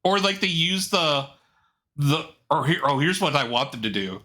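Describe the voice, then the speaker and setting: Lively, bright-voiced podcast guy. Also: on the high side, moderate pace. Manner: meandering storyteller, many restarts, jokey. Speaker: podcast co-host. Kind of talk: casual chat.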